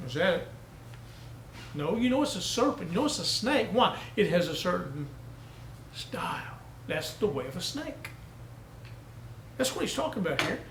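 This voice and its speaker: A man's voice: high voice, very animated, normal speed, a bit bright, echoey room, a little hiss or hum, rough recording. A male pastor preaching a sermon, telling down-home country stories and building to emphatic peaks. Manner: folksy storytelling preacher, rising to emphatic peaks.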